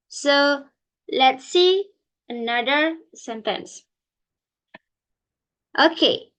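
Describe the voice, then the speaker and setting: Slow, high-voiced young woman. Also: a bit bright. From Indonesia. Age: young adult. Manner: careful, halting explanation with many restarts. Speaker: student presenter. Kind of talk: recorded class presentation.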